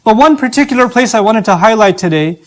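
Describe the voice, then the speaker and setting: A man's voice: sits high, lively intonation, fast talker. A man preaching a sermon in a conversational, emphatic way, with chatty asides.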